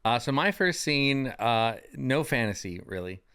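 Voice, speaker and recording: A man's voice: medium pitch, lively intonation, a little slow, a bit bright, clear, resonant tone, no room sound, clean studio sound. A man in a tabletop role-play podcast, casually recapping his scene with lots of fillers and restarts.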